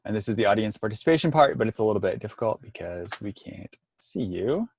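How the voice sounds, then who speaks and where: A man's voice: fairly low pitch, expressive, fast, gravelly, darkish tone, husky, no echo, clean studio sound. A man presenting an online workshop, explaining step by step with frequent ums and restarts over a video call. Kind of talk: online lecture.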